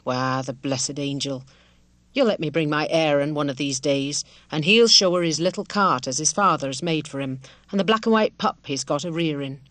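A woman's voice: low voice, normal speed, dry recording, voice pushed down, natural voice. A woman doing a motherly country village wife. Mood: earnest, motherly. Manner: homely country dialect, earnest and motherly. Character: kindly rural village wife, middle-aged, simple and devout.

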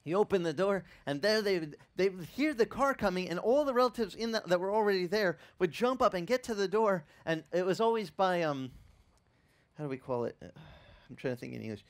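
Male pastor with a voice pitched a bit high, storytelling sermon style, halting and lively. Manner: animated storytelling, acting out quoted voices; halting, with frequent restarts.

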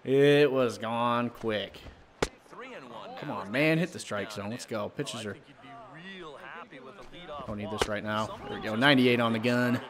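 A man casually commenting on his own baseball video game as he plays, swearing and yelling at bad pitches, then talking himself back to calm. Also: normal speed, long pauses, crowd noise. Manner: swears and yells in bursts of frustration, then talks himself calm. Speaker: gaming video creator.

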